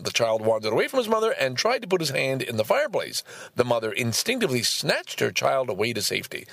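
A man reading a book aloud and commenting on it, breaking into exasperated, swearing outbursts between calm passages. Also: medium pitch, vocal fry, breathy edge, no room sound. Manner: swears often.

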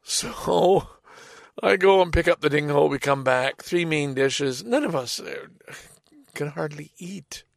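A middle-aged man telling a casual personal anecdote in a rambling, halting way, with sighs and restarts. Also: a little high, animated, gravelly, no room sound, studio quality. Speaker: storyteller.

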